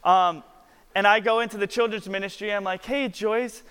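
A man's voice: sits high, fairly even intonation, a little fast, bright, forceful tone, clean tone. A man in his twenties, a worship pastor telling a story in a casual, chatty sermon full of filler words. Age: 20s. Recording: long hall reverb.

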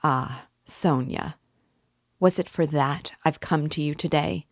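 A woman's voice: deep voice, no room sound, studio quality, heavily acted. Woman reading as Raskolnikov, anguished confessor. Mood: despairing. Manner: slow, earnest, rising to despairing cries. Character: anguished young man confessing a crime. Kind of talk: audiobook reading.

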